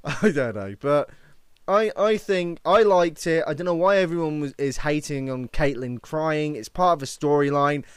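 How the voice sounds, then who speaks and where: A man's voice: on the high side, normal speed, smooth, no echo. A man co-hosting a casual wrestling chat, arguing and mocking his friend, swearing freely. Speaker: wrestling podcast co-host.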